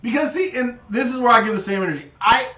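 A man's voice: extremely high pitch, expressive, quick pace, far from the mic, crowd noise. A man co-hosting a casual livestream, ranting heatedly and swearing often. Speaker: stream co-host. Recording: roomy, off-mic sound.

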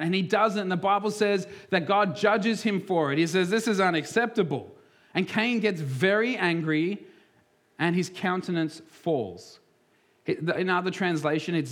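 A man's voice: high-pitched, fairly bright tone. A man preaching a sermon as pastor, talking through scripture and acting out quoted voices, some of them dropped to near whispers.

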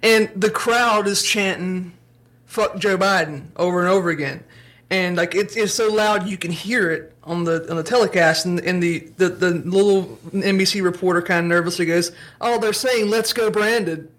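A man chatting as a podcast guest, telling stories with lively energy and quick laughs. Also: sits high. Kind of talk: casual chat.

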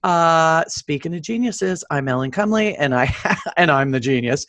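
A woman's voice: sits low, animated, moderate pace, fairly bright tone, no echo. A middle-aged woman hosting a podcast in casual chat, joking and laughing often. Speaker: podcast host.

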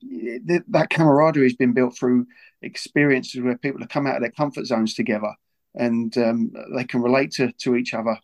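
A man speaking a bit fast in a medium-pitched, steady voice appears as a guest on a casual podcast, as a figure from a football club. He talks earnestly about the club, often repeating words as he goes.

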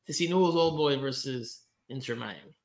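A man co-hosting a sports podcast in casual chat, animated and joking, acting out quotes from other people. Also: medium pitch, a little fast. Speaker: podcast co-host.

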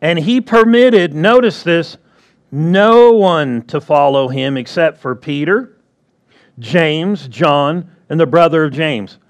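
A man's voice: on the high side, animated, slow pace. A man preaching a sermon in a conversational way, often checking in with the congregation. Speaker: pastor.

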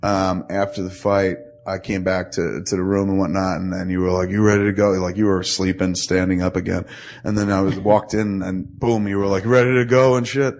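A man's voice: sits low, flat delivery, fairly quick, darkish tone. A man hosting a casual podcast, telling a long profane story with lots of acted-out quotes. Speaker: podcast host.

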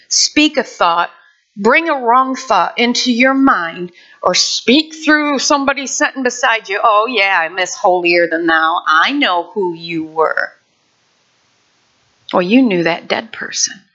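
Bright-voiced woman pastor preaching. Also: medium pitch, muffled recording. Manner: fervent preaching with prayer and acted-out voices. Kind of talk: sermon.

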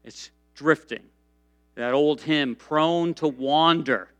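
A middle-aged man preaching a sermon, telling stories in a lively way with frequent restarts and fillers. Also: a little high, slow. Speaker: pastor.

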